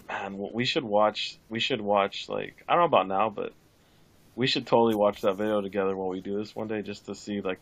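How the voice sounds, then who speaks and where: A man with a low, gravelly voice speaks as a podcast guest. He retells a story loosely, filling it with "like" and casual swearing. The talk is offhand and unscripted. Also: a bit bright. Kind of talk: casual chat.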